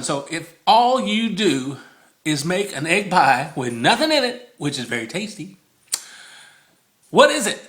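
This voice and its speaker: Bright-voiced chatty man cooking at home. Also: sits high. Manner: rambling, easily distracted, laughs a lot; repeats the recipe in a sing-song. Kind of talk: casual cooking video chat.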